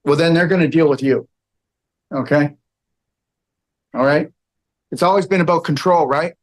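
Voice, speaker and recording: A man's voice: on the high side, normal speed. A man giving a rambling, emphatic lecture to a live audience, often checking in with okay and all right.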